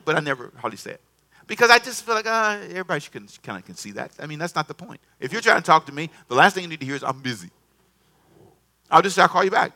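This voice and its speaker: A man preaching a sermon in an animated, conversational way, repeating himself and calling on the congregation to answer. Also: high voice. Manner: animated, repetitive, conversational preaching with call-and-response. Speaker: pastor.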